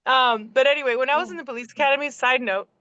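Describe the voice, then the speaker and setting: A woman's voice: sits high, racing, sharp tone, no room sound. A middle-aged woman hosting a casual podcast, reading aloud and chatting, profane and laughing at herself. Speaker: podcast host. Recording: dull, dry lo-fi audio.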